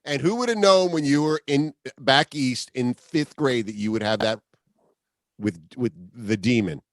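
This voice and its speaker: A man's voice: mid-range voice, a little slow, dry recording. A man hosting a podcast, chatting casually and reacting enthusiastically to his guest's stories. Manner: enthusiastic, encouraging listener. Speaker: podcast host. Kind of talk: casual interview chat.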